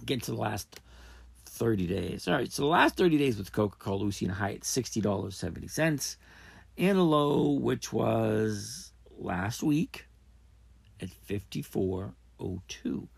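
Thinking out loud on his casual trading podcast, the host rambles and keeps correcting himself. His voice sits on the low side, gravelly and husky, and he sounds animated while speaking a little slowly, with no echo.

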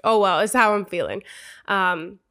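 A young woman talks straight to her listeners in a casual podcast pep talk, swearing freely and calling them sis. Her voice sits in an ordinary middle pitch, candid and sisterly in tone. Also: moderate pace, gravelly, fairly bright tone. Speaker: podcast host.

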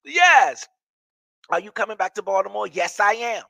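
A man's voice: high-pitched, fairly even intonation, fast talker, gravelly, a bit bright, dry recording. A man with a Washington, DC accent hosting a live stream, reading viewer comments with brassy, profane, sassy banter.

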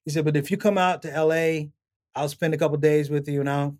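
A middle-aged male comedian, appearing as a podcast guest, tells long stories in a casual interview with a fairly high, fairly quick voice. He's an animated storyteller who acts out the people he quotes, laughing as he goes.

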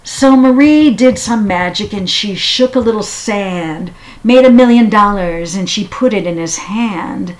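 A woman's voice: medium pitch, a little slow. A middle-aged woman hosting a show, talking casually with fillers and reading a poem aloud. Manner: relaxed, with fillers and restarts. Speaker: podcast host.

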